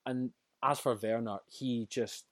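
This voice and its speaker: A man's voice: medium pitch, steady tone, measured pace, a bit bright, dry recording. A man co-hosting a casual football chat, talking chattily with frequent restarts and laughs. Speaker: podcast co-host.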